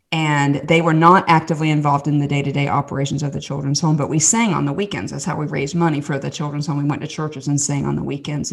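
A woman from the American South with a Southern accent, sharing a personal faith story in earnest, chatty conversation and acting out the quotes. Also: deep voice. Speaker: podcast host and guest storyteller.

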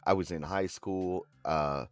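Deep male podcast co-host, animated storyteller, dry close mic. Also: unhurried, no echo. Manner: animated storyteller, acts out quotes. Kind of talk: casual chat, storytelling.

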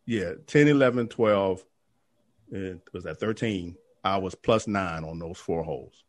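A man's voice: sits low, unhurried. A man co-hosting a casual golf podcast, rambling with many fillers and restarts. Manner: rambling, hesitant, lots of fillers.

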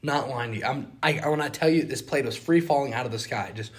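A man's voice: mid-range voice, quick pace. A young man with a Southern US accent, telling travel stories on a casual podcast, acting out quotes and sound effects. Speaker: podcast co-host. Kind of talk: casual storytelling chat.

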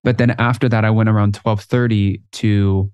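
A man co-hosting a podcast in casual chat, telling lively stories and acting out other people's lines. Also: fairly low pitch, moderate pace, clean tone, dry recording, clean studio sound. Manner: animated storyteller, acts out quotes. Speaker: podcast co-host.

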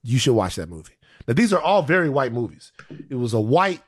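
A man's voice: mid-range voice, fairly quick. A man hosting a podcast in casual chat, ranting animatedly and swearing a lot. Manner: profane, animated ranting with repeated phrases. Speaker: podcast host.

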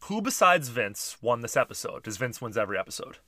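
A man's voice: medium pitch, big pitch swings, brisk, pushed and bright, no room sound, studio quality. A man hosting a podcast, chatting casually and steering the talk with questions. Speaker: podcast host. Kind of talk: casual chat.

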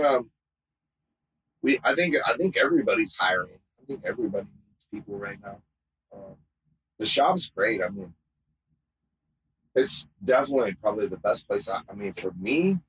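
Excitable man saying "bro" on a podcast. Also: lowish voice, moderate pace, pauses often, breathy edge, poor audio. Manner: excitable, profane, says "bro" a lot. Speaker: podcast guest and tattoo shop owner. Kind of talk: casual podcast chat.

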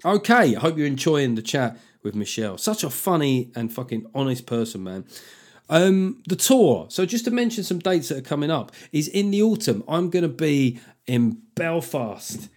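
A man's voice: fairly high pitch, big pitch swings, normal speed, darkish tone, soft background music. A man hosts a casual podcast. He rambles, swears freely and pokes fun at himself as he goes. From South London, England. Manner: rambling, sweary, self-deprecating. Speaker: podcast host.

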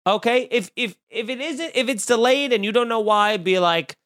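A man tells a story on a podcast in a loose, ranting way, piling on exaggerations and jokes. His voice sits high for a man. The sound is dry and close, with no room around it. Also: fairly quick, no room sound. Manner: animated ranting, exaggerated and jokey. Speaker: podcast co-host. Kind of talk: casual storytelling chat.

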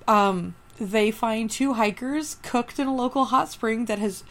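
A woman's voice: fairly high pitch, unhurried. A woman co-hosting a casual movie-review podcast, ranting emphatically with plenty of swearing. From California. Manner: emphatic, profane, animated rants. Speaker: podcast co-host.

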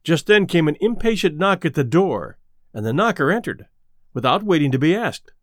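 Lively male storyteller, dry sound. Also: on the high side, moderate pace, dry recording. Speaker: narrator. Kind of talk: audiobook narration.

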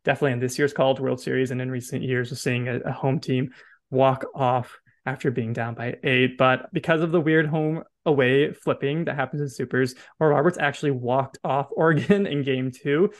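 A man hosting a college baseball podcast in casual chat, talking quickly and correcting his own facts as he goes. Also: mid-range voice, fairly even intonation. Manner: chatty, self-correcting, checks facts aloud. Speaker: podcast host.

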